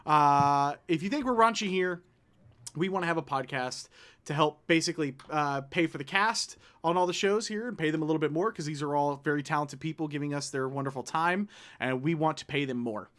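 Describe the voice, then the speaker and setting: A man's voice: a little high, fairly quick, a bit bright. A man hosting a casual chat about a tabletop game show, talking in loose rambling sentences that he often restarts. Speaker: show host.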